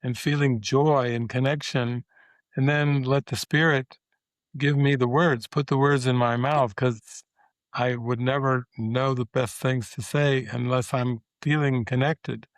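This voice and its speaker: A man's voice: mid-range voice, steady tone, unhurried, no room sound. Older man musing in a dry close voice. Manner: reflective, meandering, many fillers and restarts. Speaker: spiritual teacher, guest. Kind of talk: casual interview talk.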